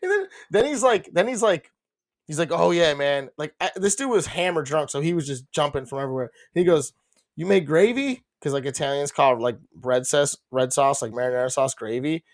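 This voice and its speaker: A man's voice: a little high, brisk. A man co-hosting a podcast, telling rambling, profane stories and laughing often as he talks. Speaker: podcast co-host. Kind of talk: casual chat.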